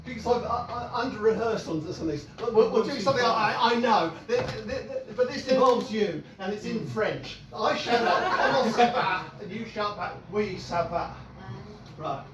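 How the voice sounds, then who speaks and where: A man's voice: sits high, expressive, normal speed, hardly any pauses. A man singing comic songs at a pub comedy night, stumbling and self-deprecating between numbers. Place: small pub room. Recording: echoey room, mic far off. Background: ukulele strumming.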